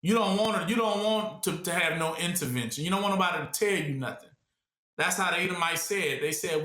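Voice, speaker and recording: A man preaches in a loose, repetitive way, leaving questions hanging for his listeners to complete. His voice sits high and sounds bright and sharp. The recording carries a roomy echo. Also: animated, fairly quick. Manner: asks rhetorical questions for the listeners to finish. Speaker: Bible teacher. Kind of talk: call-and-response Bible teaching.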